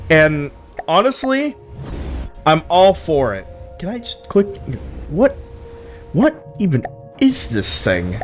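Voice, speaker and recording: A young man talks through viewers' creations on a live stream, cursing freely and amused by what he sees. His pitch swings widely while his pace stays slow and unhurried. Faint music plays underneath. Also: wildly swooping pitch. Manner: profane, frank, easily amused. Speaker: streamer reviewing viewer builds. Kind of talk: casual live-stream commentary.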